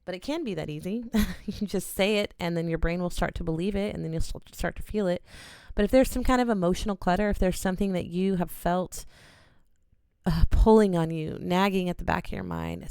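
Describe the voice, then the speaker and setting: A woman with a low, slightly gravelly voice that still comes across smooth and clear. She talks casually and earnestly, coaching listeners step by step through a calming ritual. The sound is dry and close, from a small home studio in a bedroom corner. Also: no echo. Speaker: oracle card reader. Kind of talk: casual guided ritual talk.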